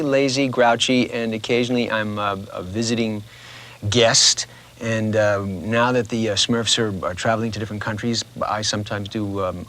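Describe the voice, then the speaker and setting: A man's voice: on the low side, creaky. A middle-aged man, a voice actor guest, chatting casually and animatedly in an interview, slipping into little voices as he tells stories. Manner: animated storyteller, slips into voices.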